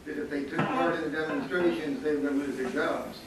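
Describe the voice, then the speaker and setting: At a panel talk, a former student photographer in his seventies speaks fairly quickly in a slightly high voice with fairly even intonation. Wry and anecdotal, he chuckles often; the audio is noisy and echoey, picked up by a distant mic in a hall.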